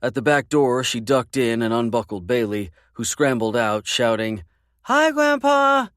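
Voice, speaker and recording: A man narrating a first-person romance audiobook in a measured, intimate way. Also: mid-range voice, fairly even intonation, dry recording, studio quality.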